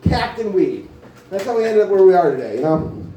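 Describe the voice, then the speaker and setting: Performing a profane, meandering stand-up set in a small cafe, this comic leans heavily on filler words. His high voice is warm, fairly quick, and swings widely in pitch, picked up by a distant mic in an echoey room.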